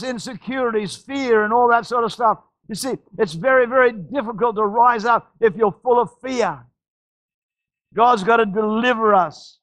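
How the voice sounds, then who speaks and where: A man's voice: high-pitched, a bit bright, no echo, rough recording. A man with an Australian accent preaching a sermon as pastor, urging his listeners with repeated phrases and frequent restarts. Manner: repetitive, exhorting, stammering restarts.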